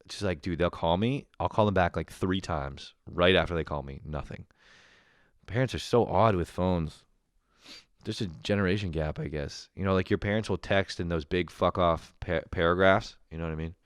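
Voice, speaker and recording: A man's voice: sits low, normal speed, no echo, studio quality. A young man ranting casually and sarcastically as a comedy host, rambling and swearing often.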